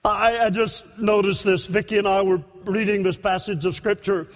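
A man preaching a sermon at an evening service, impassioned and breaking into shouts for emphasis. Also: high-pitched, steady tone, normal speed. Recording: long hall reverb.

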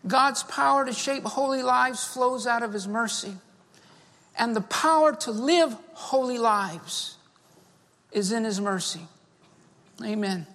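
Speaking at a medium pitch with a fairly bright tone, this pastor takes it slowly and pauses often. The fervent sermon and altar call lean on repeated phrases marked by "amen" and "beloved." A large hall's long reverb surrounds the voice.

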